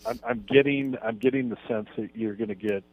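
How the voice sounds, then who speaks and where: Guy on sports radio, deadpan mock-serious, lots of stammery restarts, kinda muffled audio. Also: on the low side, brisk, soft background music. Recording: muffled dull broadcast audio.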